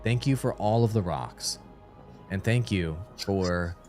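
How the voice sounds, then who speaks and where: A man hosts a game livestream in loud, goofy, mock-excited banter. His voice sits a little low. Faint music plays behind him. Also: slow. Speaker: host. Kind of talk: hyped joking livestream banter.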